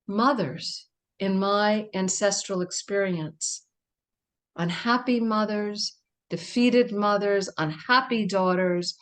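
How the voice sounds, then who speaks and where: A middle-aged woman speaks in a reflective, intimate storytelling voice at an ordinary pitch. She guides the listener through a personal story with soft pauses, like a guest in a conversation.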